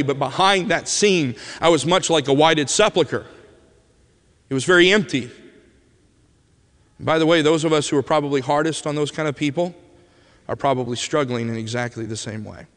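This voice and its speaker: A man preaching a sermon as an animated storyteller who swings from loud bursts to hushed moments, in a church sanctuary. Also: fairly high pitch, big-room sound.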